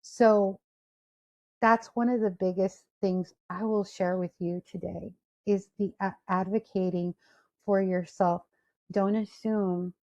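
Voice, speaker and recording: A woman's voice: on the low side, creaky, muffled recording. A woman giving a career talk on a video call, telling a story and acting out the people in it. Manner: storytelling, animated quoted voices. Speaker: speaker. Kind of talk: career talk to an online audience.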